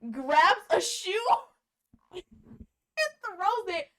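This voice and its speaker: A woman podcast co-host telling a story in casual chat, animated, laughing often and swearing casually. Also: very high-pitched, very slow.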